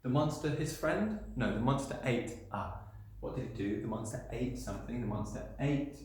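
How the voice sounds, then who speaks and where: A man's voice: mid-range voice, normal speed, a little mellow, slight background noise. A man, a primary school teacher, explaining patiently in a recorded video lesson and answering his own questions. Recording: very echoey room sound.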